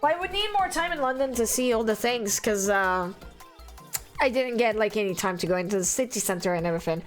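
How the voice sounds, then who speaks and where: A woman's voice: a little high, expressive, a little fast, soft background music. A young French woman with a French accent, rambling and giggly as she chats on a live stream and reads chat aloud. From France.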